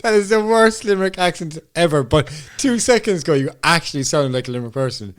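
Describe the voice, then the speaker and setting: A man's voice: fairly high pitch, lively intonation, fast talker, slight background noise. A man with a Cork accent co-hosting a podcast, joking and bantering. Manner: jokey, laughing, banter. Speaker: podcast co-host. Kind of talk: casual chat.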